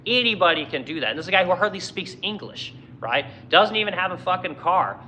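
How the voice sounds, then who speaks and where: A man's voice: high voice, animated, fast, sharp tone, a little hiss or hum, low-quality recording. A man who owns a furniture business, ranting angrily and swearing constantly in a heated monologue. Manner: profane, angry, heated. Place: furniture workshop in Missouri.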